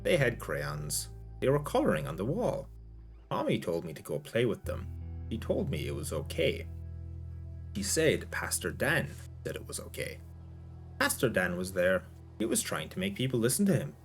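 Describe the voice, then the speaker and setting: Man reading as a frightened childlike young woman, short simple sentences, low voice, lively pitch, soft guitar behind. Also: normal speed, full character voice. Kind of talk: audiobook-style reading.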